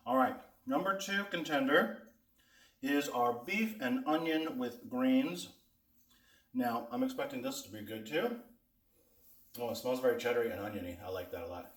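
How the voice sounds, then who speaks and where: A man's voice: medium pitch, fairly bright tone. A man hosting a casual snack taste-test vlog, chatting to his viewers as he eats. He often talks with his mouth full. His voice sounds roomy and a little distant, with plenty of echo around it. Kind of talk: casual food review vlog. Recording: echoey room, mic at a distance.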